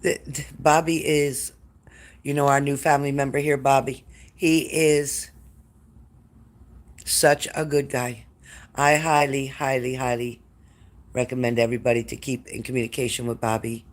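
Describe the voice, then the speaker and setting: A man giving spirit readings to a live audience, calling out viewers by name in an earnest, heartfelt way. His voice sits at a middle pitch for a man. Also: little pitch movement, normal speed, long pauses. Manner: emotional, talks straight to viewers by name. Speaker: psychic reader.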